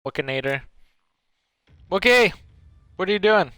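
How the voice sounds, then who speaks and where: A man streaming a game live, chatting casually and reacting excitedly and jokingly to the other players. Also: a little high, a little slow, smooth, no room sound, studio quality, soft background music. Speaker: gaming streamer.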